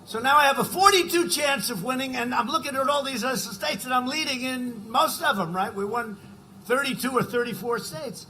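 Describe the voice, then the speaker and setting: A man in his seventies speaks at a political rally, rambling through asides and then shouting out a line. His voice sits high and sounds bright and forceful. A faint noise runs under the podium mic. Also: fairly quick, low-quality recording. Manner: rambling, conversational asides, sudden shouted lines. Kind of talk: campaign rally speech.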